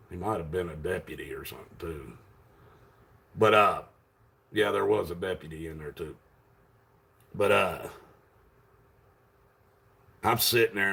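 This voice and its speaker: A man loudly retelling a story to his channel viewers, rambling with many fillers and restarts. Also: deep voice, moderate pace, creaky, pauses often, husky. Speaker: vlogger. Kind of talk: casual storytelling to camera.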